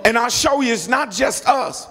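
A man's voice: extremely high pitch, moderate pace, fairly bright tone. A middle-aged male pastor preaching a sermon, emphatic, repeating words and calling on the congregation to respond. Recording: long hall reverb.

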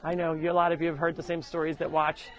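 A woman's voice: sits low, fast talker. Chatty woman on a farm live stream. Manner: chatty, lively, scolds the animals loudly. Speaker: farm sanctuary founder hosting a live show. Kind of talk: casual live-stream chat. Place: outdoors on a farm among animals.

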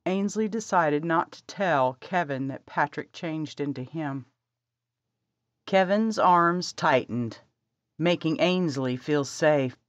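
A woman narrating an audiobook in a calm, measured reading. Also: low-pitched, no echo. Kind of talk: scripted narration. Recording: dry, slightly dull audio.

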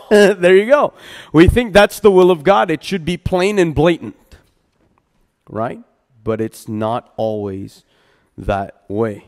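A pastor with a highish, darkish-toned voice gives a casual midweek sermon in a church hall, speaking slowly and animatedly with long pauses. He chats with the congregation, stumbles over his words and laughs at himself, all under long hall reverb.

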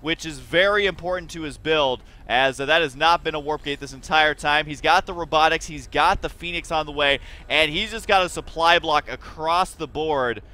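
A man's voice: on the high side, normal speed, hardly any pauses, pushed and bright. A young man casting a strategy game match, joking and teasing the players while he explains their mistakes. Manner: joking, teasing, mock-scolding. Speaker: game caster. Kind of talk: esports play-by-play commentary.

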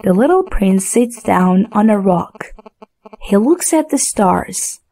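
Slow gravelly woman reading a story. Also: mid-range voice, lively intonation, warm tone. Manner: simple, clear, deliberate phrasing. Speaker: audiobook reader. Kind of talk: slow storybook narration for learners.

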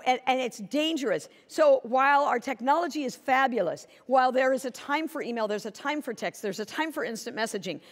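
Woman keynote speaker, slightly high voice, lively storyteller who acts out dialogue, echoey conference hall.

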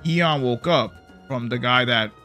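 An excitable man reacting to a show, tossing out slangy asides and talking back at what he watches. His voice sits at an ordinary middle pitch, with faint music playing underneath. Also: measured pace. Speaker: anime reaction channel host. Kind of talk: casual reaction commentary.

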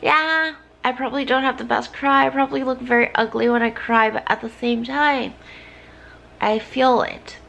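A tipsy young woman vlogging a heartfelt, tearful pep talk to camera, often sinking into soft whispers. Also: sits high, steady tone, normal speed, vocal fry, highs cut off. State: teary.

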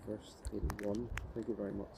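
A man's voice: fairly low pitch, level tone, normal speed, gravelly. A man, a police constable questioning a driver at a roadside stop, patient but firm. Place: roadside outdoors in rain. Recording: loud wind and traffic noise.

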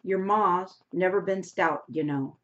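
A woman reading aloud plays a rough middle-aged hill farmer with a folksy, drawling manner, tacking "eh?" onto his sentences. He sounds a little low and dull in a muffled lo-fi recording. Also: a little slow, a bit bright. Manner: folksy drawl, tags "eh?" onto lines, hearty then shifty.

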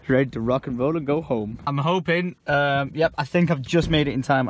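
Excitable young man. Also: a little high. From England. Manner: excitable, laughing, quick exclamations. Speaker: vlogger. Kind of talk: casual vlog chat. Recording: faint background noise.

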